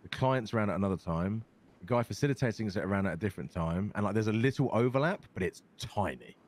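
A man's voice: lowish voice, lively intonation, fast, a little mellow. A man chatting in a roleplay game, swearing freely and calling everyone mate. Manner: swears a lot, says "mate" constantly. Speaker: roleplay player. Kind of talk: casual in-game chat.

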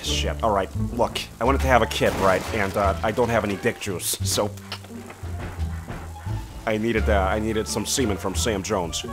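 A man's voice: fairly low pitch, fairly even intonation, moderate pace, over music, lightly acted. Man doing Ted, a foul-mouthed stoned teddy bear. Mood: stoned rambling. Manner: crude, rambling, swearing constantly. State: high, paranoid. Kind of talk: voice trolling in online game chat.

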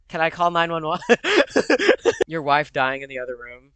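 A man's voice: fairly high pitch, wildly swooping pitch, moderate pace, pushed and bright, clean tone, no room sound. A young man commenting on his own horror game play, jumpy and profane, with nervous laughter and sudden yelps. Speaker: gamer.

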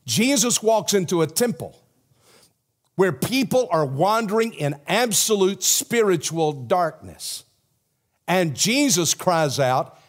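Southern pastor guy preaching in a church, kinda high voice, gets loud then drops real quiet. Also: very animated, slow pace. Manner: storytelling preacher, swings from loud emphasis to hushed prayer. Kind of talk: sermon. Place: church sanctuary.

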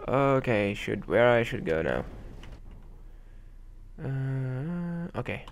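A man's voice: medium pitch, very animated, drawn-out words, a little hiss or hum. A man commenting on a video game as he plays, musing hesitantly with many fillers. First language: Arabic. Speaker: gamer. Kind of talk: let's play commentary.

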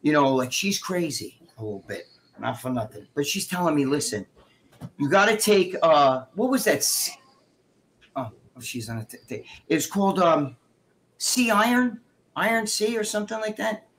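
A man's voice: on the high side, moderate pace, slight background noise. A middle-aged man casually telling stories on a live stream, swearing freely and acting out what other people said. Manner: profane, animated, acts out quoted dialogue. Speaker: guest co-host.

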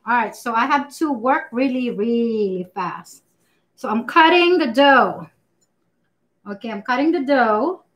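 A woman with a high, bright voice chats her way through a live baking stream. She greets viewers by name, laughs often and talks to the camera as she works the dough. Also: expressive, unhurried. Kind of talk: casual live-stream chat while baking.

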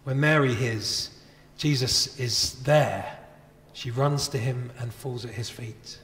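A man's voice: medium pitch, slow, a bit bright. A man preaching a sermon as a pastor, earnest and conversational, asking his listeners many rhetorical questions. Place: church. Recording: echoey church with long reverb.

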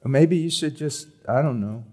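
A middle-aged man preaching a sermon at a conference, moving between loud emphatic reading and soft, hushed pleading. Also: medium pitch, moderate pace. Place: conference hall.

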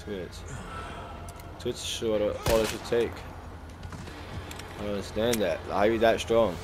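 A man riffs through a horror game in loose, slangy commentary, often jumping into startled yelps. His voice sits on the low side, with faint room sound behind him. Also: moderate pace, pauses often, a little hiss or hum. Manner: slangy, jumpy, with sudden startled outbursts. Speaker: gaming video host. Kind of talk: casual let's-play commentary.

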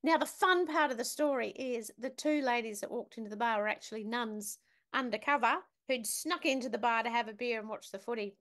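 A woman's voice: fairly high pitch, a little fast, fairly bright tone. A woman, a guest on a talk show, telling a story vividly and emphatically and putting questions to the listener. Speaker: podcast guest, business academic. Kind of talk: storytelling in conversation.

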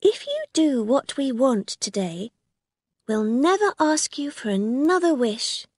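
A woman's voice: high-pitched, big pitch swings, slow pace, a little mellow, no room sound, clean studio sound, pitched above the performer's own voice, exaggerated voice. A woman voicing an anxious, earnest young girl in a storybook reading, urgent and pleading.

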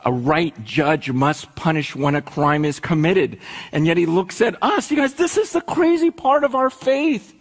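Male pastor, middle-aged, high voice, passionate sermon, rhetorical questions, hushed then urgent. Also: lively intonation, unhurried, husky.

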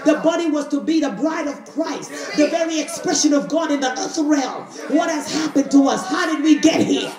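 Woman pastor, fiery sermon, shouting call-and-response, roomy echo. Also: high voice, animated, moderate pace, few pauses. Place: church sanctuary with congregation. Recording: echoey church with crowd.

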